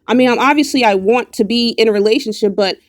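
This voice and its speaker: Casting: young woman, fairly high voice, furious mocking rant, dry close mic. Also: fast talker, dry recording. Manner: confrontational, profane, mocking. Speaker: vlogger. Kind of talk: angry direct-to-camera rant.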